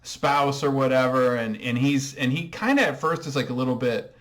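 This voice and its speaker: Male host, dry and sarcastic, mid-pitched voice, comedic show recap. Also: normal speed.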